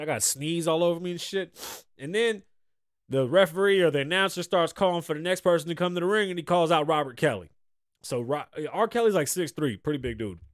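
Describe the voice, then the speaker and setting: A man's voice: fairly high pitch, dry recording, studio quality. A man hosting a podcast in casual chat, rambling and swearing freely as he reads and reacts to stories. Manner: rambling, profane, laughs at his own stories. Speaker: podcast host.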